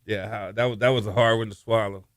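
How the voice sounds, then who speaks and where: Brief: middle-aged male ex-quarterback guest, crisp and resonant, animated storyteller, dry close mic. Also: lowish voice, fast, no echo. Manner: animated, laughs while telling stories. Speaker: former college quarterback, guest. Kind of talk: casual interview storytelling.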